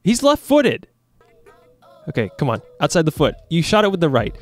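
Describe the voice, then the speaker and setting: Excitable young man commentating his game. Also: a little high, quick pace, faint music behind. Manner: excitable, reacts loudly to plays. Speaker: gaming YouTuber. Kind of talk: casual gameplay commentary.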